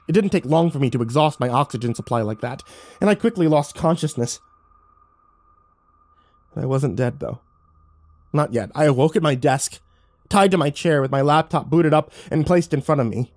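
A man's voice: fairly high pitch, normal speed, long pauses, a little mellow, dry recording, studio quality. A man reading horror stories aloud, building tension and turning urgent in the action scenes. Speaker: horror story narrator. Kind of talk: dramatic horror story narration.

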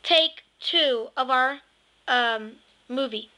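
A female voice that sits high and very bright, clowning her way through a homemade comedy video. She giggles and drifts into silly sing-song bits, keeping everything goofy and unpolished. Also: takes it slowly, rough recording. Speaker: home video maker. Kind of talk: playful homemade skit.

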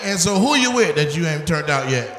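A man doing stand-up crowd work on a club stage, loudly teasing audience members in a lively comic riff. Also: on the high side, fairly quick. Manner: loud, teasing, animated riffing with audience members. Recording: roomy live club with crowd laughter. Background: loud laughing crowd.

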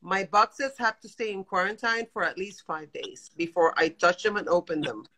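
A woman in her fifties calling in from her apartment over a phone video call, talking in animated, exasperated bursts. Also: lowish voice, moderate pace, low-quality recording. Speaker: guest caller. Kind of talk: emotional live-stream chat. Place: home apartment.

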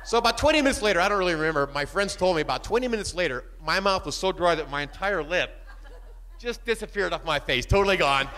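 A man doing a stand-up comedy set, animated and jumping into shouted bits. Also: sits high, quick pace, slight background noise.

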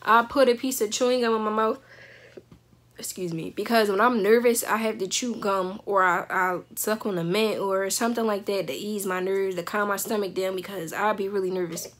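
Chatty young woman telling a story. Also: medium pitch. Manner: animated, laughs often, acts out quotes. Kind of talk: casual storytelling.

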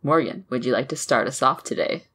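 Female co-host, very low voice, flat deadpan bored-announcer delivery. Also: fairly quick. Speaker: podcast co-host. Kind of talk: casual comedic banter.

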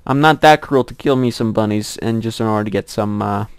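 A man's voice: brisk, clear, resonant tone, dry recording. Giggly young man narrating his gameplay. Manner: chatty, giggly, rambling to himself; squeals in a high voice at cute animals. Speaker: gameplay commentator. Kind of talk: casual gameplay commentary.

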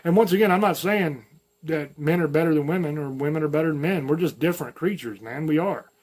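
Southern male host, light drawl, blunt and folksy, a touch higher-pitched, plainspoken monologue. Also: fairly quick, darkish tone. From American South, mountains. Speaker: channel host. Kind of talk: opinion monologue to camera.

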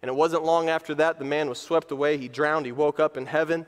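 A man's voice: a little high, steady tone, quick pace, hardly any pauses, clear, resonant tone, big-room sound. A man preaching a sermon as pastor, emphatic and repeating phrases for weight. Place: church sanctuary.

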